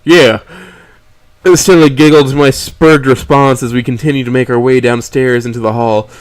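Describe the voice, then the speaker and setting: A man's voice: medium pitch, fairly even intonation, normal speed, clean tone. A man reading a story aloud on a stream, stumbling and correcting himself as he reads.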